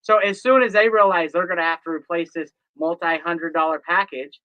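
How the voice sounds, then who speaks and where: Animated high-voiced man telling stories. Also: fairly quick, no room sound, muffled recording. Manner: animated storyteller, acts out phone calls, laughs easily. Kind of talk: casual chat.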